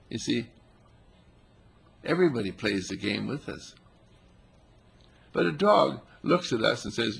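Man, spiritual teacher, gravelly and raspy, lively up-and-down pitch, playful. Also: measured pace, long pauses. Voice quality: gravelly, husky. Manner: playful, animated, voicing animals and quotes. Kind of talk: spiritual talk.

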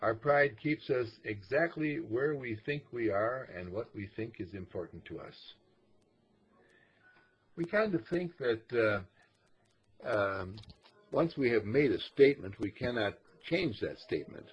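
A man gives a spiritual talk in a gravelly, husky voice. His pitch rises and falls a great deal as he acts out small everyday scenes, and his delivery stays animated throughout. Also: a little slow, lo-fi sound. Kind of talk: inspirational talk.

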